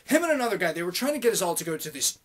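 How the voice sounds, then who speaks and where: A man's voice: high-pitched, sing-song, racing, a bit bright, slight background noise. A young man venting in a casual, heavily profane rant to his camera, heated and sarcastic. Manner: swears constantly, heated and sarcastic. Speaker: vlogger.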